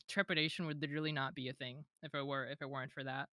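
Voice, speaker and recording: Bright, crisp woman, hesitant guest. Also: rumbling low, fairly even intonation, very fast, few pauses, no echo, clean studio sound. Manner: hesitant, many fillers and restarts, giggly. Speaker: modpack creator, interview guest. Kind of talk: casual interview.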